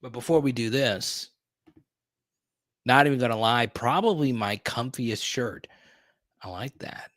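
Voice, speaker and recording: A man's voice: medium pitch, unhurried, long pauses, a bit bright, no room sound, clean studio sound. A man hosting a live stream in casual chat, playful and teasing, with a joking repeated "huh?".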